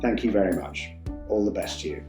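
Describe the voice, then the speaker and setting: An older man from Yorkshire, a stage actor telling stories in an interview with a theatrical, animated manner. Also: low-pitched, a little fast. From Yorkshire, England. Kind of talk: casual interview storytelling. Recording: roomy echo, faint music.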